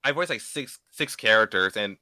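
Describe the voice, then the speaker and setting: A man's voice: on the low side, animated, bright, forceful tone, no echo. A young man in his late teens, a beginner voice actor, talking casually as an interview guest and often restarting his sentences. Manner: halting, repeats and restarts words.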